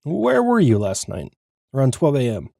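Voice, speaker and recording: A man's voice: medium pitch, wildly swooping pitch, normal speed, creaky, dark tone, dry recording, clean studio sound, exaggerated voice. A man voicing a polite, inquisitive young male detective in a game. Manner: questioning, polite.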